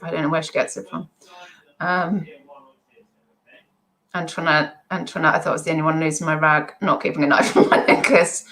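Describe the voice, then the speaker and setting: Middle-aged woman, slightly low voice, rambling chatty live-stream host talking off the top of her head. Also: fairly even intonation, a little fast, pauses often, fairly bright tone, low-quality recording. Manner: rambling, self-deprecating stream of consciousness. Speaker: eBay seller livestreaming.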